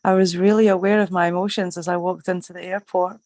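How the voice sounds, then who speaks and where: Scottish woman w a bit of aussie twang, middle-aged, upbeat chatty, flat-ish delivery, dry sound. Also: lowish voice, fast talker, no room sound. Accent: Scottish with a slight Australian twang. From Scotland. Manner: chatty, upbeat, swears casually. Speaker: group call participant. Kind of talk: casual chat.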